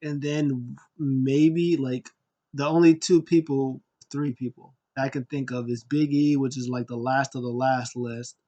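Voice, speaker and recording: A man giving a casual, excitable recap of a wrestling show, acting out scenes in raised voices. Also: medium pitch, unhurried, muffled recording.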